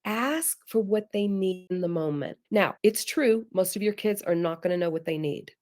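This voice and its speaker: A woman's voice: medium pitch, normal speed, darkish tone. A middle-aged woman presenting a parenting webinar, talking in an earnest, coaxing way with emphatic repetition. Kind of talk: instructive webinar talk.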